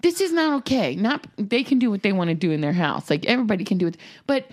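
A woman's voice: medium pitch, animated, quick pace. A woman chatting casually as a podcast guest, telling stories animatedly and acting out her kids.

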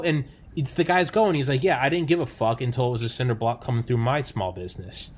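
A man's voice: on the high side, fast, few pauses. A man talking heatedly in a podcast discussion, swearing often and mocking others by putting on their voices. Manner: animated, profane, mocking impressions of others. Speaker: podcast panelist.

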